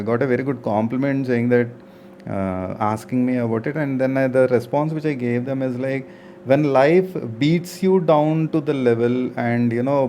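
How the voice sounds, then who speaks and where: A man in his forties, a gaming streamer, talking earnestly and reflectively to his viewers, often pausing with hesitations. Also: medium pitch, a little mellow, slight background noise. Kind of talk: casual talk to viewers.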